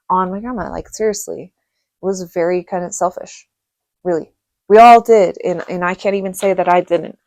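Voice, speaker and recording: A woman's voice: lowish voice, vocal fry, a little mellow, no room sound. Chatty, rambling woman vlogger. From Reno, Nevada. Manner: rambling, chatty, laughs often, many fillers. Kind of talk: casual storytelling monologue.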